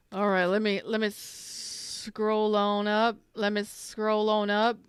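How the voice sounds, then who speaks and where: A woman's voice: medium pitch, little pitch movement, drawn-out words, clear, resonant tone, no room sound, clean studio sound. A woman doing a live tarot reading on a stream, chatty and slangy, greeting viewers by name and repeating herself. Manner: swears casually, slangy.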